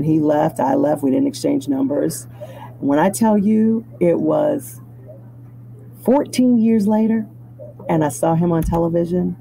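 A middle-aged woman from Chicago tells her story as a guest, reflective and then animated at the key turns. Her voice sits low with a strong gravelly fry, and her tone is very dark. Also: low-quality recording. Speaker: TV news journalist, guest. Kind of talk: storytelling in conversation.

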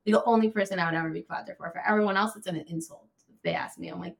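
A woman's voice: medium pitch, fairly even intonation, racing, vocal fry. An American woman telling a personal story candidly and emotionally, with many fillers like "like" and sudden raised-voice bursts when she recounts her anger. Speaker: podcast guest.

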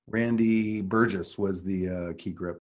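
A man's voice: sits low, fairly even intonation, a little slow, a little mellow, highs cut off. A man co-hosting a podcast, reminiscing in casual chat, trailing off and correcting small details. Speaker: podcast co-host.

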